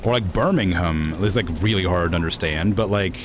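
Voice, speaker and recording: A man's voice: sits low, brisk, background noise. A young man from Florida streaming a game in casual, rambling chat, full of fillers and laughter.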